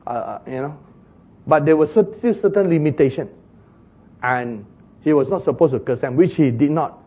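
Male preacher, husky, high and swooping, slow, playful storyteller; muffled lo-fi sound. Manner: animated, laughing, acts out the donkey and Balaam in exclaiming voices. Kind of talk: sermon storytelling.

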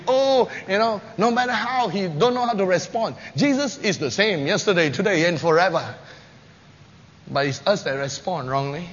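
A man preaching a sermon, telling scripture stories with lively, acted-out quotes. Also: slightly rough. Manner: animated storytelling, acting out quotes with rising pitch and loudness. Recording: dull lo-fi recording with long hall reverb and faint noise.

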